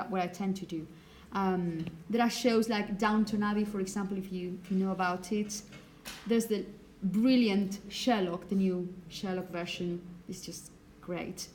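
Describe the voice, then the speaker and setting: A woman teacher giving a relaxed, hesitant lecture with frequent check-ins, whose first language is Spanish. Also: medium pitch, slight background noise, poor audio. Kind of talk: recorded lecture.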